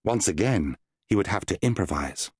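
A man narrating a children's fantasy audiobook in a lively, playful manner. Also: low-pitched, moderate pace, breathy edge, no echo, studio quality.

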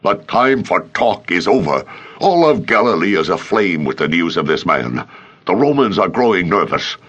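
A man voicing a blunt, fiery male councilman in an audiobook, forceful and quick to retort. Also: deep voice, big pitch swings, dull audio, heavily acted. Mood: roaring.

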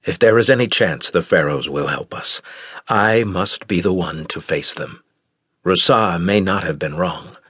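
A man's voice: sits low, measured pace, fairly bright tone, slightly rough, no echo, studio quality, heavily acted. A man narrating voices a solemn, resolute male emperor.

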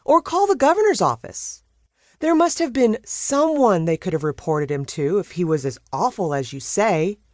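A woman's voice: mid-range voice, very animated, moderate pace, a little mellow, no echo, clean studio sound, voice pushed up, lightly acted. A woman playing a blunt, insistent woman reporter.

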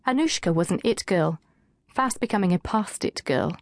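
Woman audiobook narrator, mid-pitched, wry delivery, dry studio read. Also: animated, normal speed, no echo.

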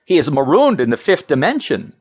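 A man's voice: fairly high pitch, very animated, brisk, darkish tone, breathy edge, pitched above the performer's own voice. A man voicing a lean, nervous young assistant who speaks with stiff formality. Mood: anxious.

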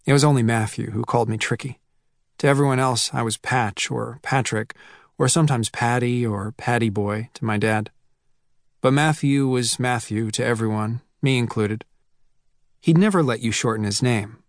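A man reading a first-person novel as an audiobook narrator, measured and reflective, lifting his voice for quoted lines. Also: mid-range voice, dry recording, clean studio sound. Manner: measured, reflective storytelling with raised voice for quoted dialogue. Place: dry recording booth. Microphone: close studio mic.

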